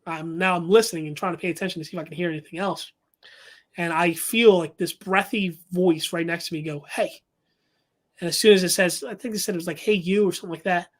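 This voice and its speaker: A man's voice: high-pitched, fairly even intonation, fast talker. A man telling a story as a guest paranormal investigator, talking casually with many fillers and restarts.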